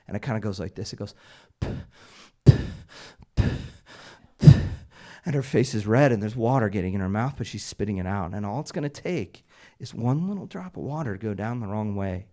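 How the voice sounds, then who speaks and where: A man's voice: on the low side, a little mellow. A man telling a personal story at a live storytelling night, conversational and wry, with a humorous edge. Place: small live event stage.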